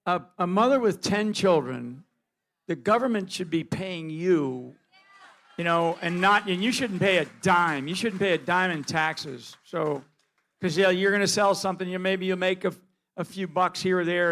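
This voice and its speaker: A man's voice: high voice, moderate pace, fairly bright tone. A man chatting onstage with a guest in an earnest, rambling way, full of restarts. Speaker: speaker questioning a guest.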